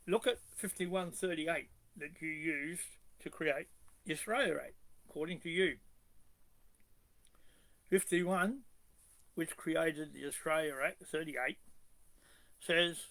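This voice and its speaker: A man's voice: on the high side, gravelly, a bit bright, low-quality recording. A man reading legal clauses aloud and arguing against them in a combative way, firing pointed rhetorical questions. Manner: reads clauses in a measured, halting way. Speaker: commentator rebutting a constitutional expert.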